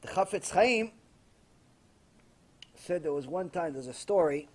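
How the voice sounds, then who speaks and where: A man who is a rabbi, giving a Torah lesson as a sermon and telling stories emphatically, dropping to a hush and then rising loud. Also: fairly high pitch, animated, a little slow. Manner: emphatic storytelling, swinging from hushed to loud.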